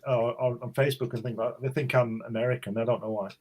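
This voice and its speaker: A man's voice: mid-range voice, fairly even intonation, a little mellow. Older english guy rambling through a story, keeps stumbling over words, middling voice. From England. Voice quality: rambling, halting, repeats words. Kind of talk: casual storytelling chat.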